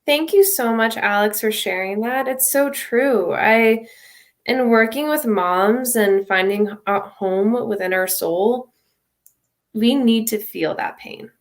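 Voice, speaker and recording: A woman's voice: on the high side, takes it slowly. A woman working as a mindfulness coach for mothers, speaking as a podcast guest in an encouraging, affirming way. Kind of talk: casual conversation.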